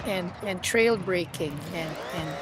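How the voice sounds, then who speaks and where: A young woman streaming a driving game, excitable and stammering, often squealing and laughing as she drives. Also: fairly low pitch, unhurried. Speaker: automotive VTuber streamer. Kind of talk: live gaming stream commentary. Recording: car engine noise behind.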